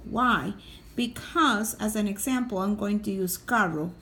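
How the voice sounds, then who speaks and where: A woman's voice: mid-range voice, a little slow, fairly bright tone. A woman teaching a Spanish grammar lesson, patiently walking through examples and speaking to the class as boys and girls.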